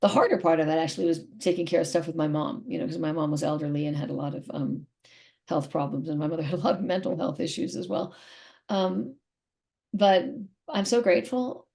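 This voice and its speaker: A woman's voice: low voice, steady tone, a little fast, vocal fry, mellow. A middle-aged woman speaking candidly as an interview guest, emotional and rambling, often repeating herself.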